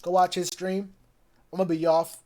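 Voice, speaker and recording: A man's voice: high voice, little pitch movement, normal speed, darkish tone. A man chatting loosely on a live stream about football, rambling with plenty of fillers. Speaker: sports streamer. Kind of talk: casual live stream chat.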